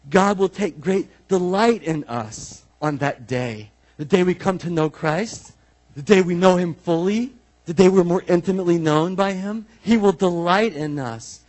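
Husky-voiced pastor preaching conversationally. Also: male voice, fairly high pitch. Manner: animated, conversational preaching with many asides and repeated phrases. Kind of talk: sermon.

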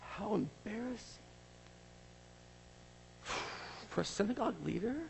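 A man's voice: sits high, takes it slowly, gravelly, long reverb tail, a little hiss or hum, low-quality recording. A man preaching a sermon as a pastor, acting out scripture scenes with a volunteer. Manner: animated, acts out scripture scenes.

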